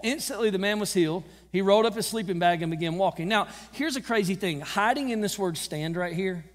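A man preaching a sermon as pastor, casual and conversational, slowing down for emphasis and acting out Bible quotes. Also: high-pitched, in a large hall. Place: church sanctuary.

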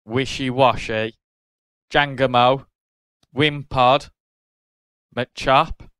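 Unhurried British man calling out cards. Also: a little high, clear, resonant tone, dry recording, studio quality. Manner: reads out card names, gets loudly excited over good pulls. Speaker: card-opening channel host. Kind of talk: casual card-opening commentary.

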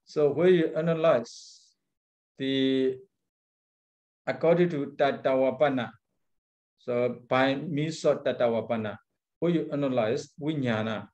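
Monk teaching Pali in halting English. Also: male voice, medium pitch, a little mellow, muffled recording. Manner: halting English, chanting Pali phrases with careful pauses. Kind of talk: Abhidhamma class.

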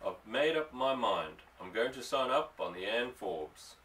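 A man's voice: medium pitch, expressive, unhurried, fairly bright tone, distant mic, low-quality recording. A male reader voicing an earnest young fisherman, coaxing and affectionate as he pleads.

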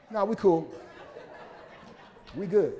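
A man's voice: a little high, mellow. A male pastor a sermon in a rhythmic, repetitive style with humorous asides.

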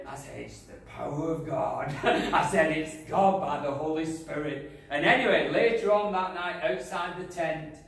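A man preaching a sermon, telling a personal testimony, going from loud praise to quiet asides. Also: fairly high pitch. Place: church hall. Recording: echoey hall, from far off, faint noise.

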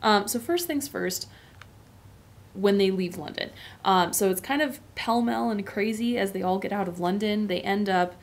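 A woman's voice: medium pitch, normal speed. A woman in a casual, explanatory tone, teaching a lesson on a novel. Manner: explanatory and conversational. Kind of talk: book lesson.

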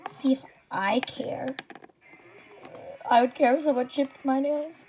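Woman for a toy pet skit: plays every pet herself, slow and unhurried, squeaky voices swapped with hushed whispers, noisy home recording. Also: steady tone. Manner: jumps between squeaky high character voices and hushed whispers. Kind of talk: toy pet role-play, voicing every character.

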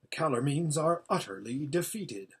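A man's voice: on the high side, expressive, moderate pace, husky, heavily acted. A man reading as an old hermit calling out a battle. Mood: intent.

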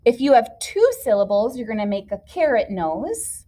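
A woman's voice: a little high, sing-song, normal speed, mellow. A woman teacher patiently explaining a classroom activity step by step to young children. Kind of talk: classroom instruction video.

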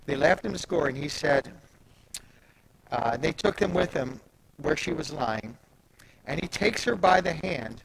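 Male preacher, raspy fry, slight background hiss; retells scripture casually, then punches key words loudly. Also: on the high side, unhurried, pauses often, rough recording. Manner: animated, swings from soft asides to loud emphatic peaks; conversational, retells scripture in everyday speech. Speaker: pastor. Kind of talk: sermon.

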